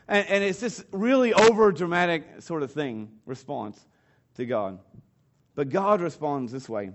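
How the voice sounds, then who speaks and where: Preacher with a higher voice. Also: male voice, expressive. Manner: conversational, halting, with restarts and fillers. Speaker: pastor. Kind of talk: sermon.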